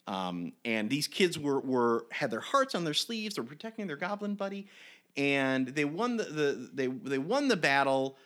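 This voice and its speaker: A man telling a tabletop game story in conversation, his pitch rising and falling a lot. He rambles and restarts often, full of energy. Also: measured pace. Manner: animated, rambling, many restarts. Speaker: game master. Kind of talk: casual storytelling interview.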